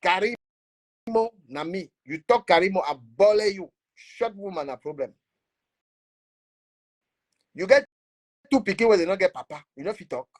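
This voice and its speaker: A Cameroonian man, a blogger, scolding in animated Pidgin English and switching into French. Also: sits high, moderate pace, long pauses. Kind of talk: ranting commentary.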